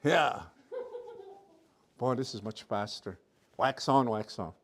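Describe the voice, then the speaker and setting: A man teaching a virtual language class, sounding out letters slowly, repeating each sound and checking in with his students often. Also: mid-range voice, slight background noise. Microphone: computer mic on a video call.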